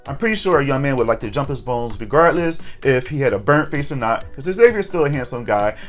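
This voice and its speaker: A young adult man chatting candidly through a casual recap, with joking asides. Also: medium pitch. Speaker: horror TV recap vlogger.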